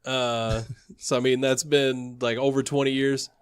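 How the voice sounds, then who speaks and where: A man's voice: mid-range voice, level tone, a little slow, clear, resonant tone, no room sound, studio quality. A man co-hosting a podcast, chatting casually in a laid-back way with lots of filler words. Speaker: podcast co-host. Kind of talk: casual chat.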